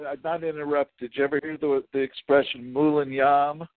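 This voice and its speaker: A man with a slightly high voice drops short, apologetic interjections into the conversation. The sound is dry and thin, like a phone line. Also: flat delivery, fairly quick, no room sound. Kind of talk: casual chat. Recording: dry, tinny phone-like audio.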